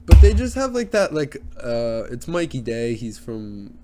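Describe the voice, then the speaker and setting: A man's voice: medium pitch, very animated, measured pace. Rambling young man with faint noise. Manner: rambling, crude, with many fillers and put-on voices. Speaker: podcaster. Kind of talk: casual solo podcast rant.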